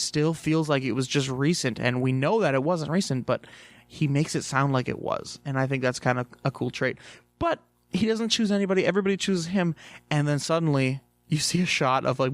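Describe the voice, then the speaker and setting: A man's voice: medium pitch, no room sound. A young man casually reviewing a TV episode, rambling with lots of fillers and swearing freely.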